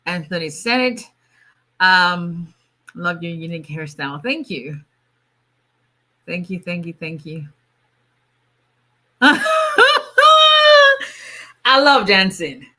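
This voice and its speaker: A woman's voice: on the low side, lively intonation, slow pace, pauses often, pushed and bright, a little hiss or hum. A tired woman, an immigration lawyer chatting casually on a livestream, greeting viewers by name and laughing often.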